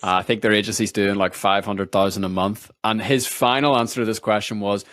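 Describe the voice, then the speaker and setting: A man hosting an interview show, chatty and relaxed, with quick asides. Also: on the low side, no room sound, clean studio sound. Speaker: podcast host interviewer. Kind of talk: casual interview.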